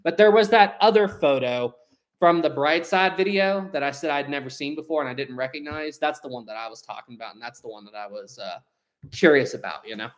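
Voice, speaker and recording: Talking a little fast in a mid-range voice, a livestream host chats casually and reads messages from chat aloud. Frequent laughter mixes with hesitant, filler-heavy trailing off as the host searches for words.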